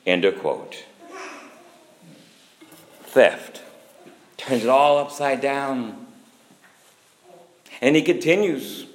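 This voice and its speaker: A man preaching a sermon, slow and emphatic, with sudden rises and drops in pitch and loudness. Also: animated. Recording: echoey hall.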